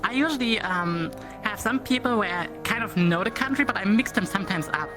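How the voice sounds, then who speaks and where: A woman's voice: medium pitch, expressive, a little fast, music in the background. A German woman speaking English with a German accent, chatting casually and hesitantly, giggling often. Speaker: fellow streamer. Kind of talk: casual chat.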